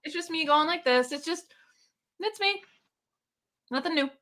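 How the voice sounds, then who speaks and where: A woman's voice: very high-pitched, normal speed, background noise. A woman co-hosting a casual livestream chat, enthusiastic and full of fillers. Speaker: co-host.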